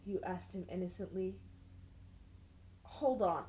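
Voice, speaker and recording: A woman's voice: mid-range voice, normal speed, dark tone, a little hiss or hum. Sarcastic young woman reading fan fiction aloud. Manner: sarcastic, incredulous asides between read passages. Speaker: YouTuber. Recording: roomy echoey room.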